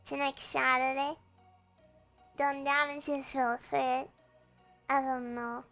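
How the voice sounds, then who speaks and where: A young woman streaming, with a hoarse, croaky voice, chatting hesitantly and reading viewer messages aloud. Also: high voice, level tone, bright, forceful tone, faint music behind. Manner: slow, hesitant, reads chat aloud and answers. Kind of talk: casual chat with viewers.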